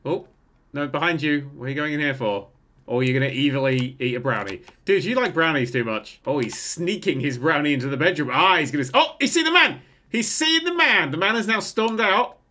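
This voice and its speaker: A man hosting a gaming channel, commentating on a game in an excitable way, often swearing and breaking into laughter. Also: on the high side, brisk.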